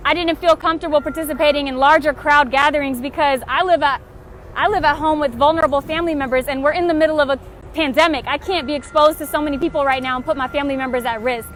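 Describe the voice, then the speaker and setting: Young woman with a very high voice, making frustrated, urgent appeals on a phone stream outdoors by a street. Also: fairly even intonation, fast talker, fairly bright tone. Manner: impassioned, urgent, repetitive calls to action. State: frustrated and tired. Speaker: livestreamer. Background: faint passing traffic and honking.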